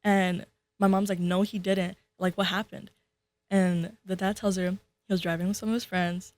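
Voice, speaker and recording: A woman's voice: mid-range voice, moderate pace, no echo. A teenage girl, a student co-host, telling a family story in casual chat and acting out the people in it. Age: teens. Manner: animated, acts out quoted relatives.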